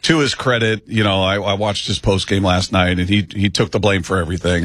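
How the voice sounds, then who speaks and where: Husky low-voiced man on sports radio. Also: steady tone, a little fast, fairly bright tone, no room sound. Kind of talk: casual sports talk.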